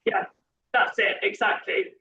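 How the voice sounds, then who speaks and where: A woman hosting a podcast, chatting in a rambling, self-correcting way and a little hoarse from losing her voice. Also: measured pace. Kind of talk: casual podcast chat. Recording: distant muffled mic with background noise.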